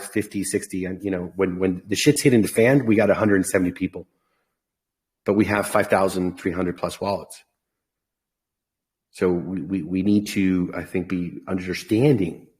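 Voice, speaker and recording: A man's voice: low voice, darkish tone. A man hosting a podcast over a video call, chatting casually in an upbeat, joking and encouraging way. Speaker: podcast host. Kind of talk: casual chat.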